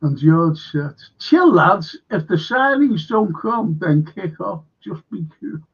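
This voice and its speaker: An older man with a Liverpool accent, rambling bluntly and swearing as he hosts a live football chat. His voice is husky and sits a little high. The stream audio sounds dull and lo-fi. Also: expressive, slow pace. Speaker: host.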